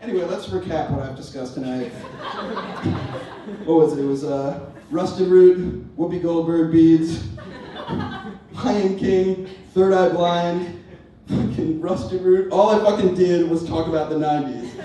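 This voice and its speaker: A man's voice: on the high side, steady tone, measured pace, warm tone. A young man doing a rambling, self-mocking stand-up comedy set on stage in front of a live audience. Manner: rambling, self-mocking, acts out voices of others. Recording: echoey distant room recording, noisy.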